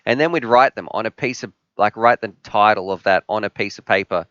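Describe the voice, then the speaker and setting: A man in his thirties hosting a live stream Q&A, chatting and telling rambling, animated stories. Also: fairly low pitch, brisk, clear, resonant tone, dry recording, muffled recording. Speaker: host.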